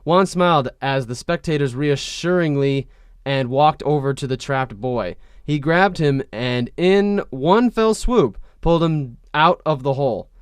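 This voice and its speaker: Man giving a smooth, mock-dramatic comedy reading. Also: fairly high pitch, lively intonation, a little slow, no echo, studio quality. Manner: reads aloud with mock-dramatic character voices, laughing at the text. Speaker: podcast host reading fan fiction aloud.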